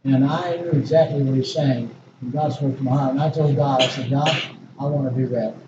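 A man's voice: a little high, dull audio. An older man preaching a sermon in a folksy, rambling storytelling way, often restarting his sentences. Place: church. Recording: distant echoey church recording with noise.

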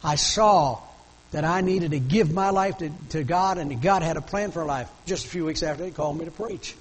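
Husky high-voiced male preacher. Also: moderate pace, long reverb tail, rough recording. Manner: fervent, pleading preaching. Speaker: pastor. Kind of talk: sermon.

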